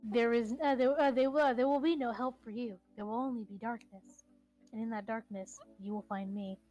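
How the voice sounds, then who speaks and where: A woman co-hosting a casual stream, teasing with mock-menacing, deadpan jokes. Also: on the high side, moderate pace, soft background music, poor audio. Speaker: stream co-host.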